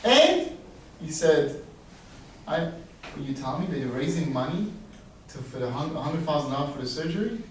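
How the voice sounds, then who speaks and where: A rabbi giving a storytelling sermon, a man who acts out the quoted dialogue with big leaps in pitch. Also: very animated, normal speed, pauses often, background noise. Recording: echoey room, voice heard from a distance.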